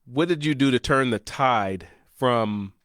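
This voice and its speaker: A man's voice: medium pitch, a little slow, a bit bright, no room sound, studio quality. A man hosting an interview, talking casually and agreeably with many fillers. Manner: conversational, agreeable, filler-heavy. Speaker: interview host.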